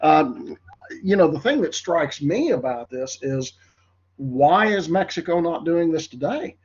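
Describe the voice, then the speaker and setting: A man's voice: a little high, expressive, unhurried, a little mellow, slightly rough, highs cut off. A man with a congested, nasal voice teaching a history class in a rambling lecture, full of fillers. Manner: rambling, filler-heavy, addresses class as folks. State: congested, voice cracking.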